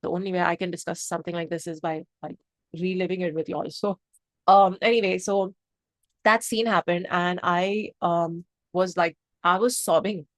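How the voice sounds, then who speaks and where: A woman's voice: fairly low pitch, steady tone, normal speed, no room sound. Passionate woman reviewing a film. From India. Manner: passionate and emotional, rambling with restarts. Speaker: movie reviewer. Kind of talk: unscripted review chat to camera.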